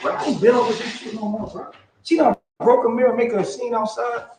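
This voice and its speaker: A man's voice: very high voice, flat delivery, a little fast, a crowd in the background. A man venting in an agitated way, full of slang and repeating "bro". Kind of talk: heated venting to the camera. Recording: echoey archival clip.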